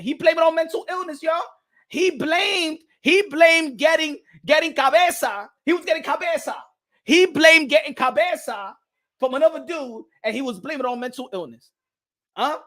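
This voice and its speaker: High, bright excitable man. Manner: excitable, profane, laughing often; repeats himself, bursts into yelps. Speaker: boxing channel host. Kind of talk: casual reaction commentary.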